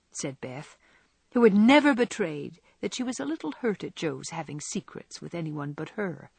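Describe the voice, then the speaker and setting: A woman narrates a classic storybook with an expressive, lively delivery. Her voice is slightly husky and the recording is close and dry. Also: sits low, normal speed, no room sound. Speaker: audiobook narrator.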